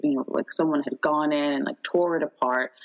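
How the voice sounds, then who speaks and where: A woman in casual chat, telling a long dream in a rambling, animated way with many fillers. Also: low-pitched, brisk, muffled recording.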